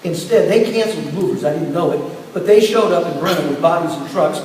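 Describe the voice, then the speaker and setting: A man giving a storytelling sermon testimony in a conversational way, with sudden jumps in pitch and volume. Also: a little fast, darkish tone. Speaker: guest preacher. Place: church sanctuary. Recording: distant mic in a long, echoey church hall with faint room noise.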